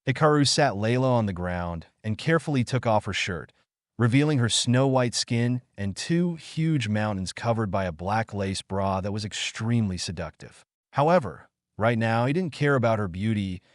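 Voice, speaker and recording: A male narrator reading a fantasy story aloud in a scripted storytelling style. His pitch moves a lot and keeps the reading animated. The recording is dry, with no room sound. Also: normal speed, no room sound.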